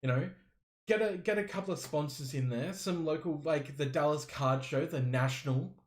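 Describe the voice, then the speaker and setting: A man co-hosting a casual hobby podcast, talking in an animated way, swearing freely and wandering off on tangents. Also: on the high side, normal speed. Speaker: podcast co-host. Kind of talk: casual chat. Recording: roomy echo.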